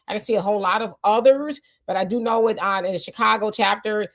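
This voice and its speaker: A woman hosting a casual live stream, greeting viewers by name, reading their comments aloud and musing on them in a loose, unhurried way. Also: mid-range voice. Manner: loose, musing, often trails off with "I don't know". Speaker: livestream host.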